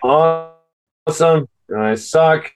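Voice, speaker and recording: A very drunk man co-hosting a podcast, halting and slurring as he reads aloud. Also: fairly high pitch, smooth. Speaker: podcast co-host. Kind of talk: drunken casual chat.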